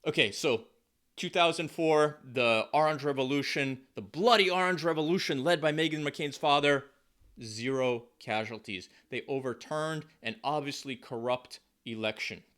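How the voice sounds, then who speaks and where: A man's voice: a little high, moderate pace, a bit bright. An American man giving casual spoken commentary to camera, talking loosely with emphatic repeats. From United States. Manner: conversational, frequent fillers and restarts, emphatic repetition. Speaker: political commentary vlogger.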